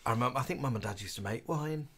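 A man's voice: mid-range voice, racing, creaky, a bit bright, a little hiss or hum. A man co-hosting a livestream, chatting casually and camply as he reads out and greets viewers by name. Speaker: co-host of a livestream. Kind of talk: casual livestream chat reading out viewer names.

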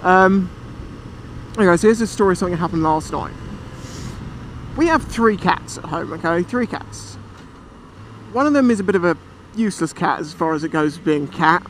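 A British man with a fairly high voice tells a story in a chatty, animated way. He swears freely and rambles as he talks. Faint engine and traffic noise sits behind his voice while he rides. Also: normal speed, long pauses. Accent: British English. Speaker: motorcycle vlogger. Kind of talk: casual storytelling while riding. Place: on a motorbike outdoors.

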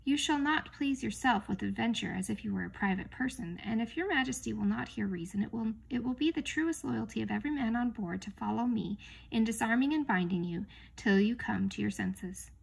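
A woman's voice: on the high side, vocal fry, husky, heavily acted. Woman reading as a courtly talking mouse. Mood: formal. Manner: formal, slow and courteous. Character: small brave male talking mouse, courtly.

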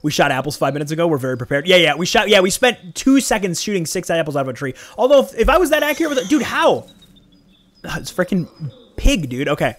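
A young man chatting casually on a game livestream, animated and rambling, with laughing asides to his chat. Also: high-pitched, fast talker. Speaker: streamer.

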